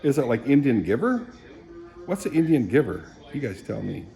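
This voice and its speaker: A man giving a casual, wandering devotional chat to camera, clearing his throat often and tossing in jokey asides. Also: medium pitch, sing-song, normal speed, mellow, faint music behind, rough recording. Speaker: vlogger sharing faith reflections.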